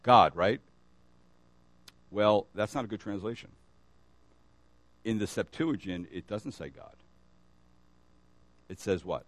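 A man's voice: on the low side, slow, pauses often, no echo. A man preaching a sermon as pastor, reading scripture aloud and asking the congregation questions as he goes. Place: church.

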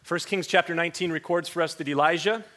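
A man preaching a sermon, animated, swinging between loud rhetorical questions and quiet scripture reading. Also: on the high side, fast talker. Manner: mock-mopey voice when quoting a complaining prophet.

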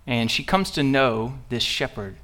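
A man's voice: mid-range voice, unhurried, fairly bright tone. A young man preaching as a guest, earnest and personal, with many fillers and restarts. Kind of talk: sermon.

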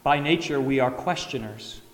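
A man's voice: mid-range voice, normal speed. A pastor giving a conversational sermon in a church, acting out everyday questions as he preaches. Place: church sanctuary. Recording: echoey hall, long reverb.

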